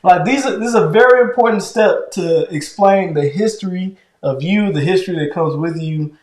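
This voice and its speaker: A man with a naturally loud, fairly high voice talks about marriage in a loose, animated way, checking in with his listener as he goes. The room around him is roomy and echoey. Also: normal speed. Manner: conversational, loose and animated, keeps checking in with "right?". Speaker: podcast co-host with his wife. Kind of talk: casual relationship talk.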